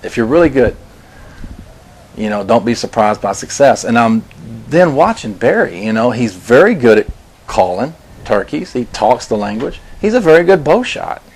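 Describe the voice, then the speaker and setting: A man hosting a story show, telling a personal tale in a loose, conversational way, his voice climbing when excited and sinking low and quiet when reflective. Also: normal speed, husky. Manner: loose, conversational, restarts and "I was like" asides. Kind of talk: casual spoken storytelling.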